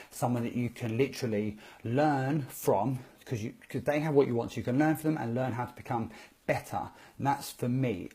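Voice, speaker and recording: An upbeat man hosting a casual live stream, talking straight into his phone or webcam. His pitch sits in an ordinary middle range, and his chatter is loose and rambling, with quick friendly hellos scattered through it. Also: a little mellow. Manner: upbeat, greets viewers by name, rambling. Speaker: network marketing presenter. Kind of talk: casual Facebook Live talk.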